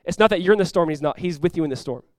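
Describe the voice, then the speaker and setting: A male pastor delivers a lively sermon, jumping into acted-out lines and loud exclamations. His voice sits a bit high for a man. The sound is dry and close, with no room echo. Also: very fast. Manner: animated preaching, acting out dialogue with sudden loud outbursts.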